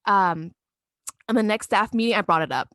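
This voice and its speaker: Animated woman telling a story, dry sound. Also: mid-range voice, normal speed, dry recording. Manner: animated storytelling, swears freely. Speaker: podcast co-host. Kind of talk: casual chat.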